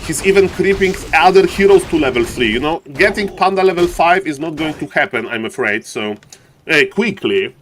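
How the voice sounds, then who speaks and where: A man with a thick Polish accent commentates a live esports match from a home stream, animated and chatty with his viewers. His voice sits a little high for a man. A faint hiss runs behind him. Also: moderate pace. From Poland. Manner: animated, repeats "ladies and gentlemen", jokey asides. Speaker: esports caster.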